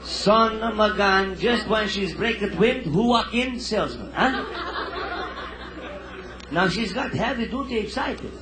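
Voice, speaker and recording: A man telling stand-up jokes in broken immigrant English, in an animated storytelling manner before a live audience. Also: sits high, measured pace, background noise. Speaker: stand-up comedian. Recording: echoey live room recording. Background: audience laughter.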